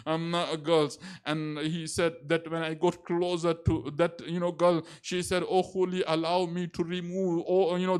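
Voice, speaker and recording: A man preaching a religious sermon, telling a story fervently with halting fillers. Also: on the high side, clear, resonant tone.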